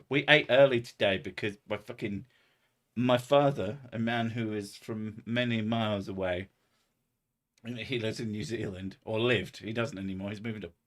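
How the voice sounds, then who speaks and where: A man's voice: fairly low pitch, steady tone, moderate pace. A man chatting casually on a livestream, rambling and sardonic, with heavy swearing. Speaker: streamer.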